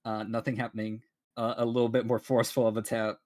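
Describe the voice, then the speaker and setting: A man narrating as game master in a halting, laid-back way with many pauses. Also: mid-range voice, little pitch movement, a little mellow.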